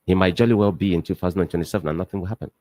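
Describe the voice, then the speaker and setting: A man's voice: low voice, fairly even intonation, very fast, a little mellow, no room sound. A man speaking as a panelist on a political talk show, emphatic and repeating his points for effect.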